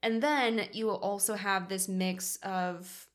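A woman co-hosting a casual film discussion podcast, relaxed and chatty, swearing freely and saying "like" a lot. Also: medium pitch, slow pace. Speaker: podcast co-host.

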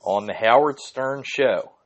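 A young man hosting his own podcast, ranting casually in an excitable, profane, rambling way. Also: medium pitch, a little slow, dull audio. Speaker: podcast host. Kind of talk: casual solo podcast rant.

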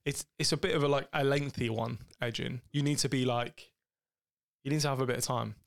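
Gravelly-voiced man joking on a podcast. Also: mid-range voice, fairly even intonation, a little fast, no echo. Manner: joking, rambling storyteller. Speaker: podcast co-host. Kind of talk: casual couple's chat.

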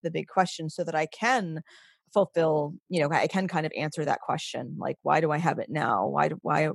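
A middle-aged woman speaks as a guest in a conversational interview, her voice a little low. She talks haltingly, restarting her sentences and laughing softly between thoughts. The sound is dry and close, with no room around it. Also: gravelly, dry recording.

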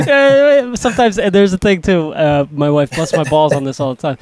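Chatty North Jersey man, slightly high. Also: moderate pace, darkish tone, dry recording. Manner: self-deprecating, laughs often, repeats words. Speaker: podcast co-host. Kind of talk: casual chat.

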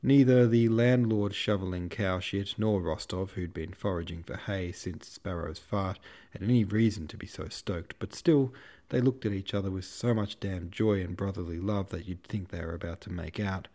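Cheeky low-voiced male narrator. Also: moderate pace, mellow. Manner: cheeky, swears freely, comments asides. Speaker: podcast host reading a novel. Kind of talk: irreverent audiobook narration.

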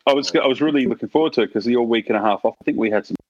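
A man's voice: medium pitch, very fast, lo-fi sound. A man with an Australian accent, co-hosting a casual gaming podcast and trading teasing banter with his friends. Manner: bantering, laughs often. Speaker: podcast co-host.

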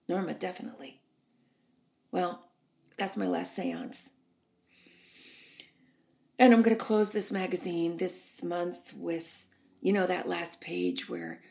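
A woman's voice: sits low, vocal fry, a little mellow. A woman hosting a comic monologue, chatty and emphatic, rambling from one point to the next. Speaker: host.

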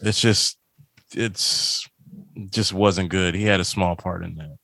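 Slow-talking blunt, profane man. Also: low voice, steady tone, gravelly, a bit bright, no room sound. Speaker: podcast co-host. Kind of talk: casual comedic banter.

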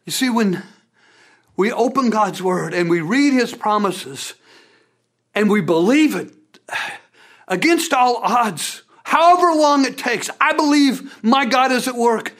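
A pastor preaching a sermon in an animated way, with big swings in pitch and repeated words. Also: unhurried.

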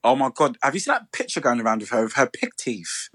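A man's voice: mid-range voice, big pitch swings, fast, a bit bright, no room sound. Man, podcast co-host, gossipy chat, dry close mic. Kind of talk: casual chat.

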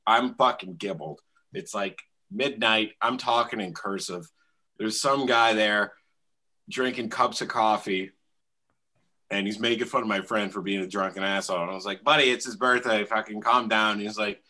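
A man's voice: lowish voice, moderate pace, pushed and bright. A man in his thirties telling a profane story in a casual chat, laughing often. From Canada.

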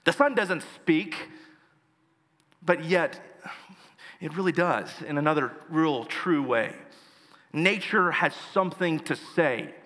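A male pastor preaches in an earnest, storytelling way, his voice bright and slightly high. He reads scripture slowly and leans on key words. A long reverb of a church hall trails each phrase. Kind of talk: sermon.

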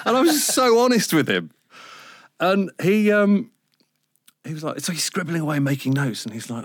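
A man's voice: fairly high pitch, very animated, normal speed, a bit bright, husky, no echo, clean studio sound. A middle-aged man, telling a rambling, self-mocking story in a casual interview. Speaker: radio presenter guest.

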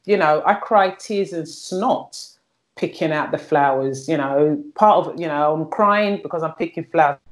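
A woman's voice: sits low, moderate pace. A middle-aged woman, the guest, speaking frankly and in an earthy way about her own life, often repeating words as she searches for them. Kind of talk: candid personal conversation.

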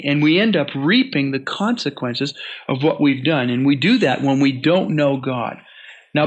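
A man giving an earnest Bible teaching, slowing down to stress the verses he reads and often restarting his sentences. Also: fairly high pitch, low-quality recording. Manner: earnest, slows and stresses scripture readings; frequent restarts and repeated words. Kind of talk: teaching sermon.

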